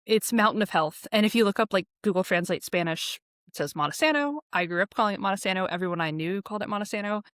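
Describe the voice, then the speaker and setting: Young woman podcast host from Alabama, chatty and animated, medium pitch, close dry sound. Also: fast, clear, resonant tone, no room sound. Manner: chatty, animated, many fillers and asides. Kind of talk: casual conversation.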